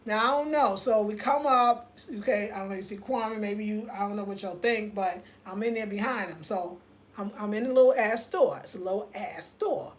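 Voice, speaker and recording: A woman, hosting a casual livestream rant, telling an animated story straight to her viewers and reading their comments aloud. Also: mid-range voice, normal speed. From United States. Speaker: host.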